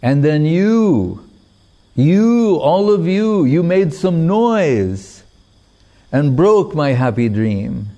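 A man voicing a weeping holy man who laments a lost vision, his voice lifted higher and pleading. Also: a little slow, mellow, dull audio, close to an everyday voice. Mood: lamenting.

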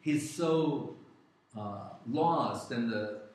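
A man giving a devotional talk, earnestly recounting sacred stories with frequent pauses. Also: mid-range voice, animated, darkish tone. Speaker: devotional speaker. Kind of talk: devotional storytelling discourse. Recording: echoey room, distant mic.

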